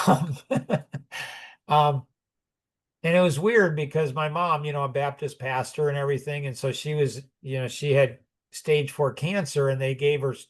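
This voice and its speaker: A man in his sixties telling personal stories in conversation, rambling and reflective, often restarting and chuckling. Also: medium pitch. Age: 60s.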